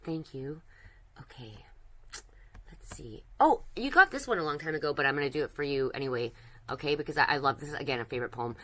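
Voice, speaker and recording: She sits low in pitch and sounds lively and brisk as she draws on stream, flirting with a chatbot in a casual, rambling way that keeps restarting mid-sentence.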